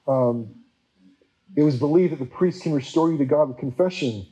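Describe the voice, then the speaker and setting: A man preacher giving a casual, chatty history talk, full of fillers and quickly acted-out quotes. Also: on the high side, warm tone, rough recording.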